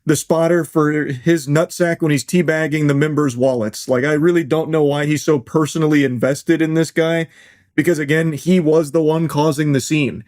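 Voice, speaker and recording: A man in his thirties giving crude, sarcastic commentary on a news clip in a deadpan way. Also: fairly high pitch, moderate pace. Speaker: commentary host.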